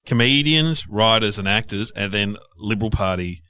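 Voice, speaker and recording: A middle-aged Australian man co-hosting a podcast, chatting casually and telling anecdotes with lively impressions of others. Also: on the low side, normal speed, smooth, no room sound. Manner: storytelling, animated impressions of others. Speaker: podcast co-host, comedian. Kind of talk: casual chat.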